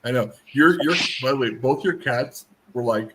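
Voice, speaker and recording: A man's voice: medium pitch, normal speed, a bit bright, slight background noise, poor audio. A man chatting casually on a live stream, joking and acting out voices as he tells stories. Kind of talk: casual chat.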